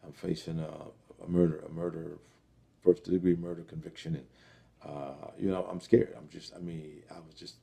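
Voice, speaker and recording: A middle-aged man telling his life story as an interview guest, earnest and reflective, halting with fillers. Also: deep voice, level tone, gravelly, mellow, husky. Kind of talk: personal testimony interview.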